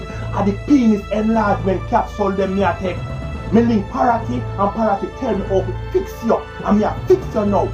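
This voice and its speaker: A man's voice: high-pitched, muffled recording, lightly acted. Ranting, crude Jamaican cartoon braggart played by a man, over music. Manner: ranting, crude patois monologue. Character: boastful, crude Jamaican man scolding a woman.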